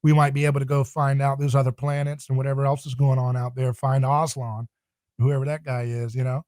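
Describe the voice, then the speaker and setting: A man talking casually as a podcast guest, animated and acting out quoted voices. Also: medium pitch, a little fast, no echo, clean studio sound. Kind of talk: casual theological discussion.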